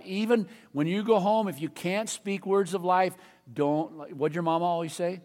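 A man preaching a sermon as pastor, animated, reading scripture and leading prayer. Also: mid-range voice, moderate pace. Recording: long hall reverb.

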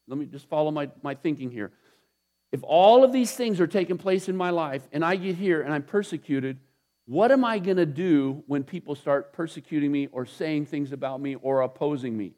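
A man's voice: on the high side, moderate pace, darkish tone. A male pastor giving a sermon in a loose, conversational way, with many restarts and asides. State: tired after a short night.

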